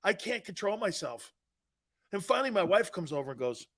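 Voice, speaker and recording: A middle-aged man hosting a sports talk show, telling self-mocking stories in a lively, animated way. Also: high-pitched, fairly quick.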